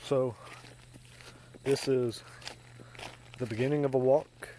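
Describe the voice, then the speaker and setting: A man telling pun jokes in a rambling, deadpan way while out on a walk, recorded on a phone outdoors. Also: medium pitch, slow, a little hiss or hum. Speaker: comedian. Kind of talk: casual joke-telling on a walk.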